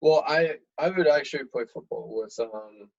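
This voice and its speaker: A man's voice: fairly high pitch, normal speed, gravelly, dull audio. A young man chatting casually and jokily about old memories. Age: young adult. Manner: laid-back, jokey, animated when retelling. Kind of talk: casual reminiscing chat.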